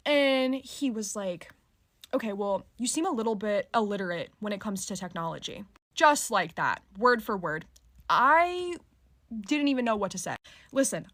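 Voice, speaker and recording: A woman's voice: fairly high pitch, sharp tone, dry recording, studio quality. A woman in her twenties telling a story in a casual, exasperated, venting way. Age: 20s. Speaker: college student storyteller.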